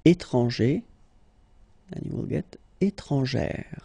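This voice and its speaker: A man's voice: medium pitch, animated, creaky, warm tone, breathy edge, no room sound. A man with a French accent teaching a language lesson, patient and explanatory. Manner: patient and explanatory, slow and deliberate.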